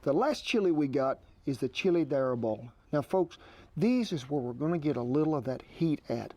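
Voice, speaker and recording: A man's voice: on the high side, expressive, normal speed, warm tone. A man giving a cooking demonstration outdoors at a grill in a folksy, homespun way. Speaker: outdoor cook.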